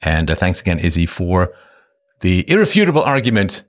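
A man's voice: low-pitched, very animated, brisk. Joking middle-aged man hosting a livestream. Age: 50s. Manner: playful, jokey, slips into silly put-on voices. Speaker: livestream host. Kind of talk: casual livestream chat.

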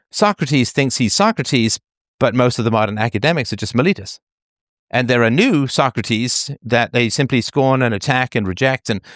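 A man's voice: medium pitch, a bit bright, dry recording, studio quality. A man, an author, talking at length in a conversational interview, emphatic and digressive with a slightly sardonic edge.

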